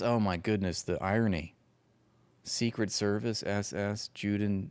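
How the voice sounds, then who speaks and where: A man's voice: on the low side, unhurried, very noisy. A man co-hosting profane, sarcastic political commentary, mocking what he watches. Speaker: co-host.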